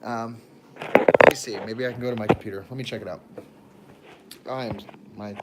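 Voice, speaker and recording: A man's voice: fairly low pitch, fairly even intonation, normal speed, long pauses, very noisy. A man rambling through casual livestream chat on a phone camera, laughing often and trailing off mid-thought.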